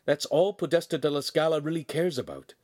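A man's voice: a little high, brisk, a little mellow, dry recording, studio quality, voice pushed up, lightly acted. A man voicing an anxious but brave young male apprentice who talks in an earnest, urgent way. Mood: tense.

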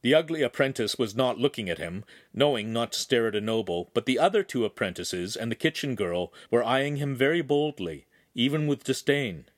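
A man reads a novel aloud in a steady, measured narration. His voice is medium in pitch. The recording is dry and close, with no room sound. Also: no echo. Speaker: audiobook narrator. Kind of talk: scripted story narration.

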